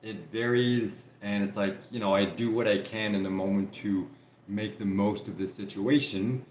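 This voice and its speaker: French canadian guy doing a live q&a, lowish voice, lots of "like" and "you know", kinda echoey room. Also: steady tone, normal speed, a little hiss or hum. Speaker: livestream host answering viewer questions. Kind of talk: casual live Q&A chat.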